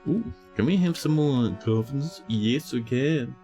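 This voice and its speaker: A man's voice: mid-range voice, expressive, unhurried, mellow, soft background music. Playful New Zealand man streaming a game. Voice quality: soothing. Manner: playful, teasing chat with mock-dramatic asides. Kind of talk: casual live-stream commentary.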